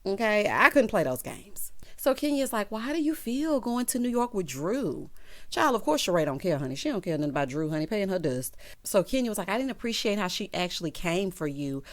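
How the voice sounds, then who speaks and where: A woman giving a sassy, gossipy commentary on a reality TV episode, breaking into loud laughs. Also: mid-range voice, animated, brisk. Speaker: reality TV recap host. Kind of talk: casual recap commentary.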